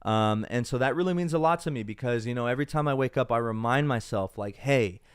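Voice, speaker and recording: A young tech YouTuber hosts a live stream, feeling unwell yet staying upbeat and chatty while mixing in some Spanish. His medium-pitched voice is smooth and fast, captured with a dry, close sound and no echo.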